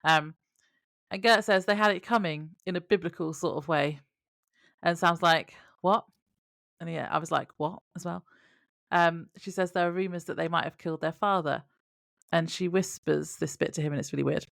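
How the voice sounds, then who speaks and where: A woman's voice: lowish voice, steady tone, normal speed, creaky, fairly bright tone, dry recording, clean studio sound. A woman, co-hosting a podcast and chatting casually while recapping a TV episode, laughing often. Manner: chatty, laughs often, reads out her own notes. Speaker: podcast co-host.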